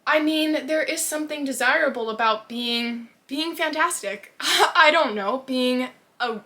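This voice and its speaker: A woman's voice: high-pitched, a little slow, pushed and bright. A young woman talking casually to camera about favorite books, gushing and emotional, swearing freely and trailing off into restarts. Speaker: book vlogger.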